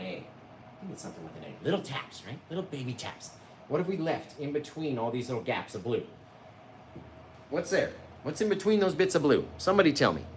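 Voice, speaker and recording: An enthusiastic man at medium pitch runs a live painting tutorial, chatting with viewers as his voice rises and falls energetically. The audio is roomy and echoey, he's a bit off-mic, and steady background noise runs underneath.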